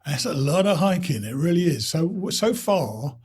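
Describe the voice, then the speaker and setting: A man hosting a hiking podcast, chatty and quick to laugh as he introduces and interviews a guest. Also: fairly high pitch, big pitch swings, a little mellow, husky. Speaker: podcast host.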